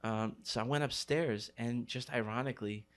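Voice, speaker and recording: A man's voice: mid-range voice, normal speed. A middle-aged man from New City, telling his story in an interview with street slang and many fillers. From New York City. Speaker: graffiti writer.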